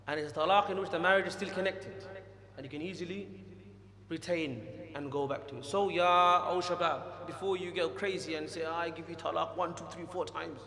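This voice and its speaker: A man teaching an Islamic lesson to a class, animated and scolding, acting out quotes and taking questions. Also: a little high. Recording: echoey hall, long reverb.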